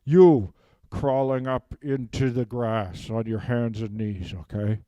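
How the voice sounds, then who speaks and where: A man's voice: medium pitch, steady tone, takes it slowly, warm tone, no room sound. A man doing a rambling, improvised comic monologue who keeps asking "okay?", speaking into a handheld mic. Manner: rambling, drops "okay?" after nearly every phrase. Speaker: improv comedian. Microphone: handheld microphone.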